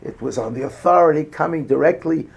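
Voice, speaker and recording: Gravelly halting older male lecturer. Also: a little high. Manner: halting, many restarts and fillers; rising emphasis on lists. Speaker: rabbi lecturer. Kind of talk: Torah lecture. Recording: faint background noise.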